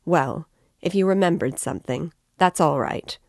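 A woman reading the lines of a brisk, self-assured male doctor who speaks offhandedly. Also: low voice, creaky, darkish tone, dry recording, clean studio sound.

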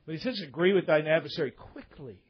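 A man's voice: fairly high pitch, lively intonation, quick pace, lo-fi sound. A man preaching a sermon, telling a story and acting out the dialogue of the people in it. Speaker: pastor.

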